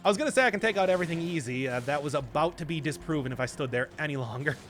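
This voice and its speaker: Lively Midwestern man streaming a game. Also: fairly high pitch, very fast, faint music behind. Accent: Midwestern American. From Wisconsin, USA. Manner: chatty, laughs often, odd emphasis on words. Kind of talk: live gameplay commentary.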